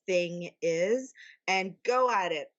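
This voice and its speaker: A woman's voice: on the low side, takes it slowly, highs cut off. A woman guest in a candid podcast chat, chatty and laughing, with many restarts. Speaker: guest, publisher.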